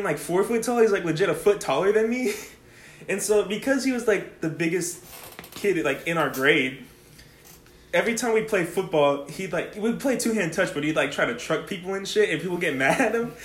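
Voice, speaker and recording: A man's voice: high voice, animated, brisk. A young man telling a rambling, profane story in casual chat, laughing often and saying "like" a lot. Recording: echoey room.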